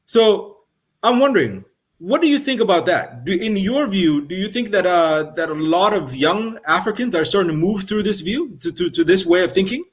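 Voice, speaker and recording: A man hosting an interview, asking long, measured, thoughtful questions. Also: sits high, animated. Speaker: host.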